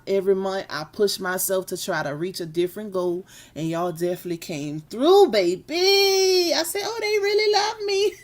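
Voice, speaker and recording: A woman, hosting a casual live stream and chatting with her viewers, laughing often. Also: lowish voice. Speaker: live stream host reading chat.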